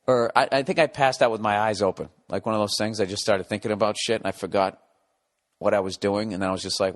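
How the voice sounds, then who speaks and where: A man's voice: on the low side, fast, in a large hall. A man hosting a podcast, telling a comic story in a rambling, profanity-heavy monologue. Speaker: podcast host.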